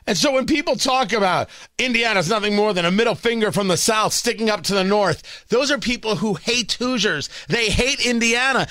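A man with a New York accent hosts a morning talk radio show. His high voice bounces all over, and he sounds sarcastic and combative as he rambles through his rant. The sound is bright and dry, close up with no room around it. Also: no echo.

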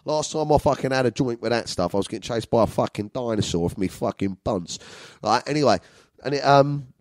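A man's voice: mid-range voice, a little fast, darkish tone, no echo. A man with a London accent telling rambling, profane stories to his viewers in a casual way. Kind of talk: casual storytelling monologue.

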